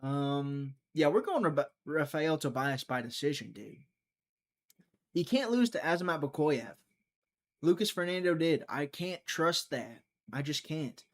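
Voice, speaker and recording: A man's voice: a little high, lively intonation, measured pace. A man from Mississippi, hosting a casual livestream and thinking aloud in a rambling, sarcastic way. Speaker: livestream host making fight picks.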